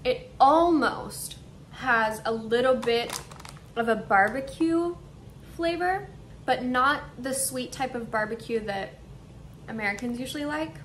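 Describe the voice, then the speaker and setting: A young woman with a fairly high voice speaks at a measured pace, excitedly describing her shopping haul and reflecting out loud on each snack she samples. Her home air conditioner leaves a faint hum beneath the vlog.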